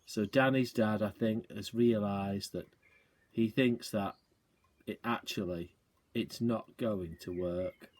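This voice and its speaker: A male teacher reading a children's book aloud, expressive, with short asides to the listeners. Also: lowish voice, slow pace.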